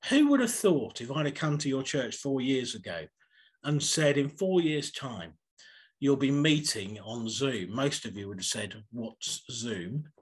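A man preaching a sermon over a video call, telling stories in a husky voice and acting them out. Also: mid-range voice. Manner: animated, acts out stories.

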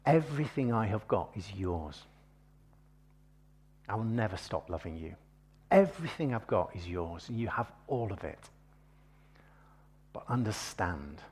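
A man voicing a loving father who speaks very gently and softly to his son. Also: low voice, husky, full character voice. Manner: very soft, gentle.

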